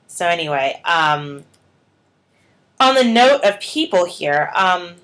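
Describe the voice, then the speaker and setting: A woman's voice: lowish voice, expressive, slow pace, a bit bright, low-quality recording. A young woman and teacher in a casual vlog chat, rambling with lots of "like" and "um" and acting out what people said. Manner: chatty, heavy on "like" and "um", acts out quotes. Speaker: vlogger.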